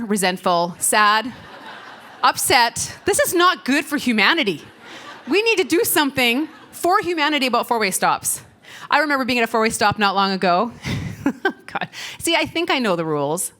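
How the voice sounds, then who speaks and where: Her voice is a little high with a sharp tone. Giving a conference keynote on stage with a stage microphone, she tells stories playfully, laughs a lot, and talks directly to the crowd.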